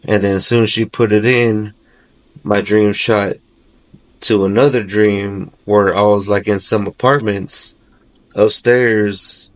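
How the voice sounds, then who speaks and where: A man's voice: on the low side, fairly even intonation, takes it slowly. A man, a father of three, recounting a nightmare as a podcast guest, rambling and peppering his talk with "you know" and "like". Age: adult, father of three.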